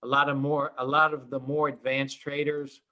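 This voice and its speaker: A man with an everyday mid-pitched voice leads a live trading lesson. He talks loosely and warmly, with lots of fillers and self-corrections. He sounds like he's at his desk mic while sharing his screen. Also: level tone, moderate pace, dull audio. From schooled in Oklahoma. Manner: casual, rambling with many fillers. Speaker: trading instructor. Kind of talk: live trading room teaching.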